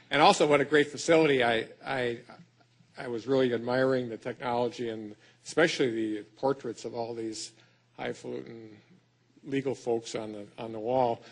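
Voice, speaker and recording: A man's voice: mid-range voice, slightly rough. A middle-aged man from Wisconsin with a Wisconsin accent, giving a folksy, self-deprecating conference speech as a state schools superintendent, with many fillers and restarts. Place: lecture hall.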